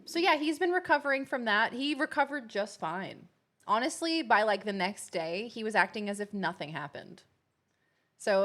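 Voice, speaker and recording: A woman's voice: mid-range voice, fairly bright tone. A woman, chatting casually with viewers while streaming a game. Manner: chatty, rambling, playful with pets. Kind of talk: casual live-stream chat.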